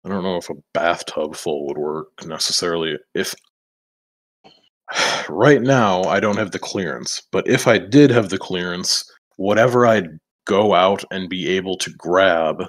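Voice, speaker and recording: In a deep voice at a measured pace, a man rambles casually through a tabletop role-playing session. He swears constantly, laughs between lines, and moves freely in and out of character.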